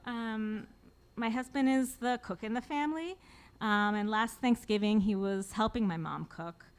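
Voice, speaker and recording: A woman's voice: a little high, a little slow, smooth. A woman in her forties, an author telling a personal story live to an audience with wry, self-deprecating humor, often laughing at her own jokes.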